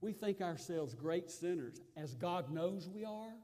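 A man preaching a sermon in an earnest way, rising to loud emphasis and dropping to soft asides. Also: high voice, lively intonation, a little slow. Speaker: pastor.

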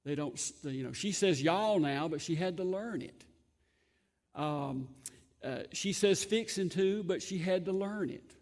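Male Southern US pastor, high voice, folksy humor, long church reverb. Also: unhurried, a little mellow. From Southern United States. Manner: folksy, joking asides. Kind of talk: sermon.

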